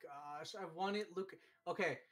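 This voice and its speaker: A man hosting a live stream, chatting casually and telling stories excitedly, with lots of fillers. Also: high-pitched, a little slow, faint music behind. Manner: excitable, animated storytelling with many fillers. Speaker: streamer host. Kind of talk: casual chat.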